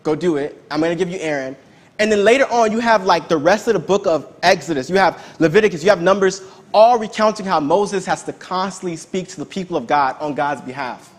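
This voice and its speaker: A man with a notably high voice delivers a sermon in a loose, conversational style. He leans on repetition for emphasis, speaking as if chatting with his congregation. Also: brisk. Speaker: preacher.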